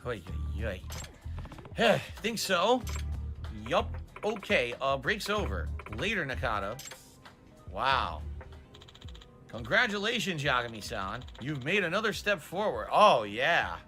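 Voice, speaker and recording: A man's voice: medium pitch, very animated, slow, long pauses, bright, forceful tone, soft background music. A man commenting on a video game as he plays it, sarcastic and profane, often reading the game's lines aloud in mocking voices. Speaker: streamer playing a video game. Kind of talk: casual gameplay commentary.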